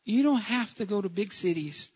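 A man's voice: sits high, expressive, normal speed, husky. A man preaching a sermon in a church, impassioned, often stumbling and restarting his phrases. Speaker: pastor. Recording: dull lo-fi church recording.

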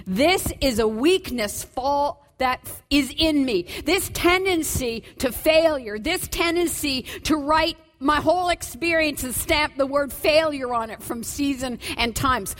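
A woman preaches a sermon with a high, ringing voice. Her delivery is fervent and impassioned. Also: slow, fairly bright tone.

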